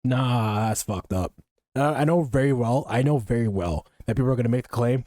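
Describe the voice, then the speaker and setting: A man's voice: mid-range voice, fairly quick, dark tone, no echo, clean studio sound. A man giving casual, blunt reaction commentary on a video, swearing and laughing often.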